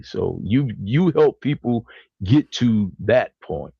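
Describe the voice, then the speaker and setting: A man's voice: medium pitch, animated, takes it slowly, vocal fry, mellow, slightly rough, no echo, lo-fi sound. A male host chatting casually in an interview, affirming and repeating his points.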